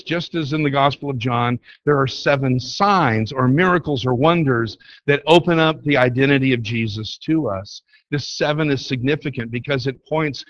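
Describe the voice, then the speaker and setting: A man's voice: medium pitch, dry recording, muffled recording. A man teaching a Bible study lesson, explaining in an emphatic way and repeating key words to drive points home. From United States.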